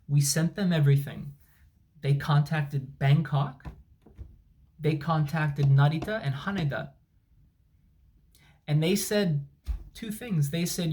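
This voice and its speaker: A man's voice: fairly high pitch, unhurried, long pauses. A man, a travel vlogger, telling an angry, sarcastic, emphatic story at home. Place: at home, indoors. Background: dryer and washing machine running.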